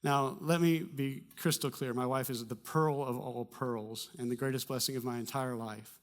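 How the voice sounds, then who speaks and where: A pastor preaching a sermon, telling a personal story in a conversational way with humor and animated bursts. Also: male voice, mid-range voice, normal speed. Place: church.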